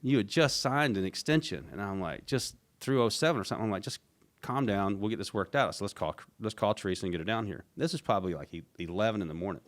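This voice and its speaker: A middle-aged man, an interview guest recounting a story in a casual, animated way, acting out what others said. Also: lowish voice, fast talker. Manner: animated retelling, acts out quoted voices, frequent restarts. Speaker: interview guest, former team executive.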